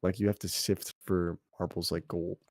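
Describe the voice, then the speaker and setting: A young man chatting casually as a podcast co-host, rambling and excitable, swearing often. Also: low voice, moderate pace, creaky, no room sound. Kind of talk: casual chat.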